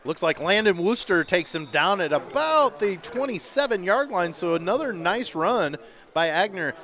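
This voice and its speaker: A man doing play-by-play commentary for a local high school football radio broadcast, chatty and rising with excitement on big plays. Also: normal speed. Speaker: play-by-play announcer. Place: outdoor stadium broadcast booth.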